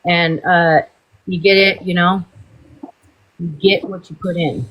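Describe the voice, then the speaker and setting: A woman's voice: on the low side, fairly even intonation, slow, a bit bright. A woman hosting a livestream, in a heated, profane and rambling rant. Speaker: livestream host.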